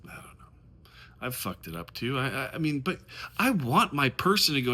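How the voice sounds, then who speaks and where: A man's voice: medium pitch, very animated, normal speed, pushed and bright, husky. A man who coaches on dating, talking casually to the camera in a passionate, rambling rant full of swearing.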